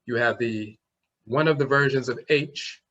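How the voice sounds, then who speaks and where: A man's voice: medium pitch, fairly bright tone, highs cut off. A man teaching an online class, explaining things step by step and sounding out letters as he goes. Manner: explains slowly, demonstrates sounds aloud.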